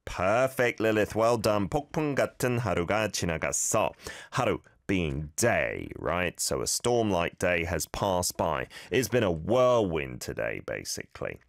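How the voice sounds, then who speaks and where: A male radio host giving listeners patient, explanatory pronunciation tips in a relaxed on-air manner. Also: sits low, a little slow, gravelly, few pauses, no echo, clean studio sound. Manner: patient, explanatory, gently corrective.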